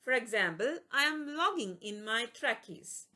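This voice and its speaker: A woman's voice: on the high side, expressive, unhurried, pushed and bright. A woman reading an English vocabulary lesson, going through word lists, each with a plain explanation and an example sentence. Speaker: English teacher.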